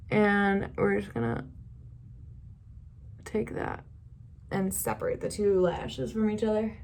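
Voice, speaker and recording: A young woman talks through a beauty tutorial in a loose, rambling way, stopping now and then to laugh. Her pitch sits in the middle and she keeps telling her viewers not to worry. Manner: chatty, rambling, reassuring, laughs often. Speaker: beauty vlogger. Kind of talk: casual makeup tutorial.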